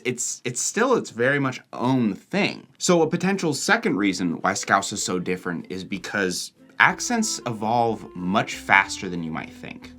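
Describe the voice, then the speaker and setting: A young American man from Oregon narrating a travel vlog with a chatty, animated delivery. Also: medium pitch. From Oregon, USA. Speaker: vlogger host.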